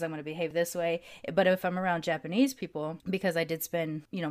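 A woman from the United States, a podcast guest, talking reflectively over a video call and thinking aloud with fillers. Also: deep voice. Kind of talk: casual conversation.

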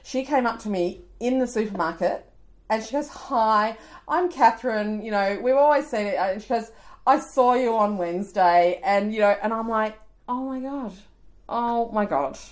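An Australian woman in her forties, co-hosting a podcast, spins a story in relaxed conversation with a fairly high voice at a moderate pace. She's animated, laughing as she acts out the different voices.

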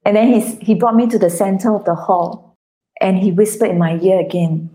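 A woman's voice: medium pitch, normal speed, dark tone. A woman guest author speaking earnestly and from the heart in an interview, with some restarts. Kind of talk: interview, personal testimony.

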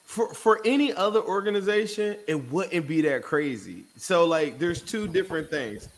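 A man's voice: a little high, animated, moderate pace. A man co-hosting a casual podcast, blunt and laid-back, often laughing and saying bro. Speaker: co-host. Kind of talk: casual chat.

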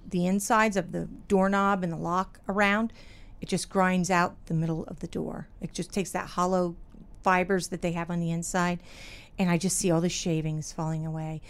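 A middle-aged woman hosting a casual talk show, telling stories with lively acted-out quotes. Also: on the low side, smooth. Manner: animated storyteller, acts out quotes with big laughs. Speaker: radio show host. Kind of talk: casual chat.

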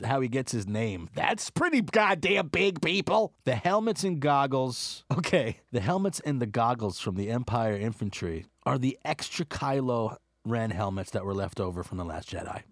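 A man rambles through a casual movie review with an excitable, profane edge. His pitch jumps all over the place, and the sound is dry and close with no room echo.

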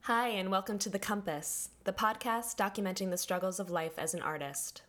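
A woman's voice: medium pitch, steady tone, normal speed, fairly bright tone. A woman hosting a podcast interview over a video call, sounding under the weather, talking in a friendly, conversational way. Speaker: podcast host.

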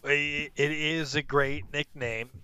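A man's voice: a little high, fairly even intonation, slow pace, pushed and bright, clean tone, rough recording. A man co-hosting a casual sports podcast, dropping wry, joking asides. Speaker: podcast co-host.

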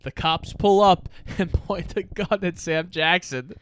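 A man's voice: high-pitched, steady tone, unhurried, a little hiss or hum. A man co-hosting a casual podcast, retelling a film's scenes with energy and plenty of swearing. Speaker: podcast co-host. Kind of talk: casual movie recap chat.

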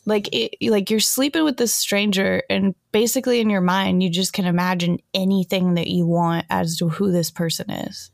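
A woman's voice: mid-range voice, fairly even intonation, moderate pace, vocal fry, few pauses, no room sound, studio quality. A young woman co-hosting a podcast, telling stories in a chatty way full of "like". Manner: chatty, storytelling with lots of "like". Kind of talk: casual chat.

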